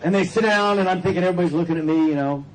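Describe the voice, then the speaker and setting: A man's voice: high voice, very fast, rough recording. A man from California speaking at a recovery convention, telling his personal story in a loose, joking way with asides to the audience. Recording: crowd and noise behind. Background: audience laughter and room noise.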